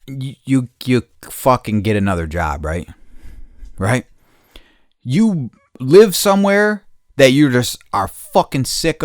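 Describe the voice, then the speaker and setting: An American man hosting a podcast, ranting bluntly with constant swearing, swinging between low mutters and loud outbursts. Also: dry recording, clean studio sound. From United States. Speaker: podcast host. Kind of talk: profane opinion rant.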